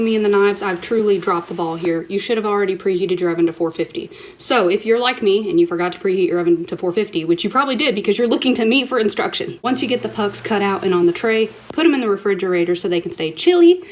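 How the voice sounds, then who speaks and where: A woman's voice: medium pitch, slight background noise, rough recording. A woman giving a cooking tutorial in her home kitchen, with playful, self-mocking asides. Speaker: cooking vlogger.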